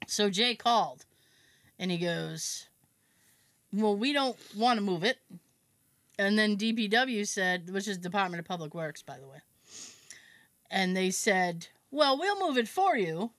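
A woman's voice: mid-range voice, animated, unhurried, pauses often, fairly bright tone, dry recording. A woman podcast host chatting casually, acting out other people's lines while telling a story, poking fun at herself and swearing. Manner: self-mocking, swears casually. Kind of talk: casual chat.

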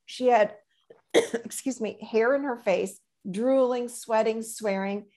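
A middle-aged woman coach telling stories in a gentle, reflective way in a casual interview. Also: a little high, slow pace. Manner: gentle, reflective storyteller with many "you know"s.

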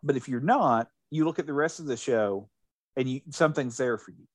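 A man co-hosting a casual podcast chat, talking in an animated way with many restarts. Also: medium pitch, fairly quick, no room sound. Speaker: podcast co-host.

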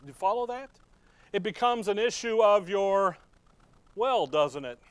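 A man preaching a sermon as pastor in a conversational way, with sudden loud emphasis and quick asides to the congregation. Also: high-pitched, animated, clean tone, no echo.

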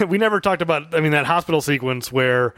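A man's voice: on the high side, lively intonation, a little fast, fairly bright tone, dry recording. A man co-hosting a podcast, chatting casually about a film, thoughtful and often restarting his sentences. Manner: thoughtful, repeats words when restarting. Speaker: podcast co-host.

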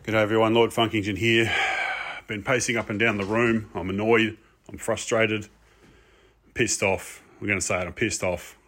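A fed-up fan lord, pompous and exasperated, ranting and swearing, as a man puts him on. His voice sits a little low. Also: flat delivery, moderate pace, a bit bright. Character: frustrated pompous fan persona, grown man. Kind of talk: pre-recorded comic rant segment.

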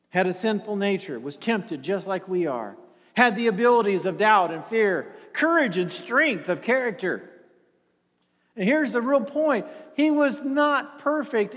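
A man preaching a sermon in an earnest, halting way, often repeating words and sinking to a near whisper for emphasis. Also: high voice, a bit bright, big-room sound.

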